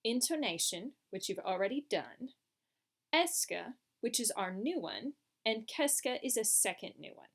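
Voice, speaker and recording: A woman's voice: on the high side, sing-song, measured pace. A woman teaching a French lesson, explaining patiently step by step over slides. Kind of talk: recorded classroom lesson.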